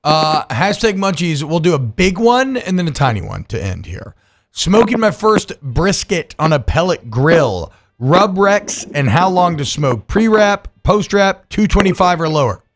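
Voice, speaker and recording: A man's voice: fairly high pitch, big pitch swings. Joking male radio co-host. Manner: loose, joking, hypes sponsor with quick repeats. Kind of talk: casual radio chat and live ad read.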